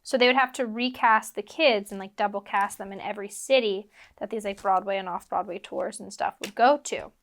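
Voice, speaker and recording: A woman's voice: medium pitch, fairly quick, few pauses, a little hiss or hum. A woman from Philadelphia, a guest actress chatting casually while building bricks, rambling with lots of fillers and laughing at herself when she gets distracted. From Philadelphia, United States.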